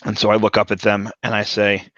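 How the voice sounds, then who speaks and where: A man playing a tabletop role-playing game, talking in halting bursts with many restarts. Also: fairly low pitch, monotone, a bit bright, dry recording, muffled recording. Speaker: player.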